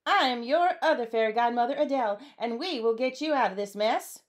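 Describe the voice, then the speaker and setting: A woman voicing a gentle, refined female armadillo who is a fairy godmother, speaking properly and kindly. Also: on the high side, fairly quick, pitched above the performer's own voice, close to an everyday voice.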